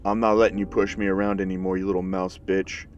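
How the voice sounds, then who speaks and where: A man voicing a gruff male teacher who speaks bluntly and with profanity in a fan story. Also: deep voice, little pitch movement, quick pace, recorded from a distance, dull audio, natural voice. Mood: blunt defiant.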